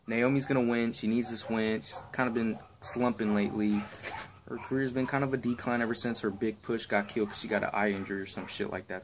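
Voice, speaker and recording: A man's voice: on the low side, steady tone, brisk, slight background noise. A young man giving wrestling match predictions in a rambling, crude, offhand chat full of ums and swearing. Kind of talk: casual chat.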